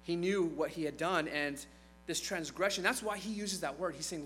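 A man's voice: fairly high pitch, moderate pace, fairly bright tone, faint music behind, rough recording. A man preaching a sermon in a conversational way, retelling scripture with playful asides.

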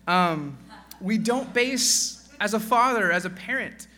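Bright-voiced male pastor, conversational sermon. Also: high-pitched, expressive, slow. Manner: conversational, acts out quoted voices; self-deprecating joking asides.

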